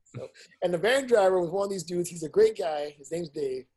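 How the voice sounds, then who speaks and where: Middle-aged guy rattling off film shoot stories, husky voice, kinda high, swears a lot. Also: brisk. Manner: animated, blunt, swears freely, acts out quoted lines. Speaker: independent filmmaker and teacher. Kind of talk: casual interview storytelling.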